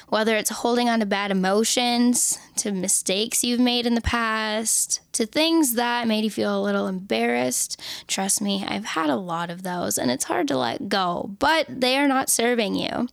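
A woman's voice: fairly high pitch, vocal fry, dry recording, clean studio sound. A young woman hosting a podcast, talking casually and candidly about self-help, swearing freely and laughing often. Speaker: podcast host.

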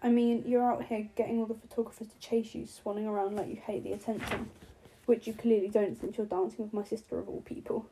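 A woman's voice: a little high, little pitch movement, fast talker, warm tone, slight background noise, lightly acted, low-quality recording. A woman reading the part of a cocky, tipsy young man who teases and provokes. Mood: teasing. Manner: teasing, provoking.

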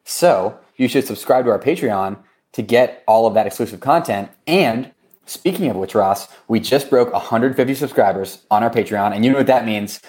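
A man hosting a laid-back podcast in a mid-range voice, joking between promos and shout-outs. His talk is loose and playful, and he keeps the segment moving with teasing asides to his co-host. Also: mid-range voice, normal speed. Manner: jokey, runs through promos and shout-outs. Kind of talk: casual podcast chat. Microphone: remote recording.

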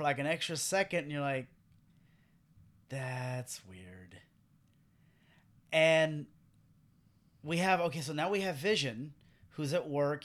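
A man co-hosting a casual podcast chat. His voice sits a little high for a man, and he talks with animated energy. He swears freely and acts out what other people said. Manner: animated, profane, acts out quotes. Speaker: podcast co-host. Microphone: headphones and studio mic.

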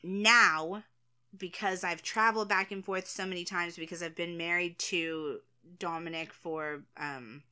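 A woman with a fairly low voice and a bright, forceful tone, talking as a co-host answering viewer questions. She laughs often, hedges with ums, and pokes fun at herself as she talks. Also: steady tone, a little slow, clear, resonant tone. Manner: laughs often, hesitant with ums, self-deprecating. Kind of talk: casual chat.

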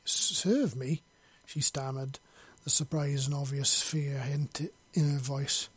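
Reading a lengthy fantasy tale he wrote himself, this man delivers it unpolished, full of slips he goes back to fix. He speaks at medium pitch in an unhurried monotone with a breathy edge.

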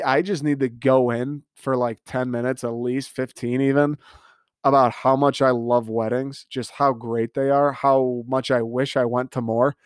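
A man's voice: mid-range voice, a little mellow, clear, resonant tone, no room sound, clean studio sound. A man in his twenties hosting a casual solo podcast, rambling and sarcastic with self-mocking asides, and bothered by hiccups. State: has the hiccups. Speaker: podcast host.

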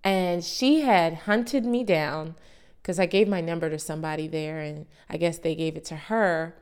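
A woman around thirty, a podcast host, tells a personal story in a chatty, animated way with asides to her listeners. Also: on the low side, normal speed, clear, resonant tone. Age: late 20s to early 30s.

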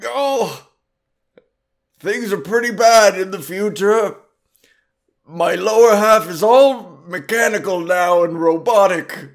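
A man voicing Old Algus, a grizzled old part-robot prospector from the future, in a slow, drawling comic bit. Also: sits high, voice pushed up. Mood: gloomy drawl. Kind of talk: comic bit in a podcast intro.

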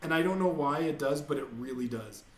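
A man's voice: a little high, expressive, a little fast. A man hosting a podcast at home, ranting in a casual, profane and exasperated way. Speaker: podcast host. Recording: echoey room.

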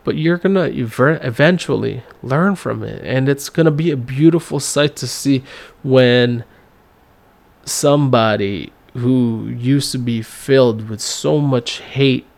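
Guy rambling on his own podcast, slow talker, kinda gravelly, swears a lot. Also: medium pitch, a little mellow. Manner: rambling, frequent fillers and swearing. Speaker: podcast host. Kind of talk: casual solo podcast monologue.

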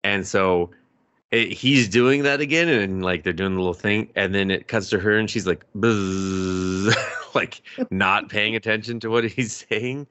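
A man co-hosting a podcast, recapping anime in casual chat, animated and swearing freely as he acts out scenes. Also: fairly low pitch, unhurried, smooth, no room sound. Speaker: podcast co-host.

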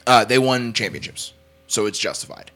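A young man in casual sports talk, arguing his opinions in quick runs full of "like". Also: mid-range voice, expressive, pushed and bright, faint music behind. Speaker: podcast co-host.

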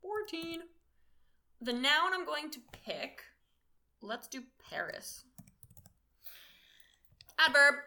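A woman's voice: high voice, animated, drawn-out words, pauses often, sharp tone. A woman co-hosting a podcast, casual chat full of playful, bickering banter. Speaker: podcast co-host. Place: indoor room.

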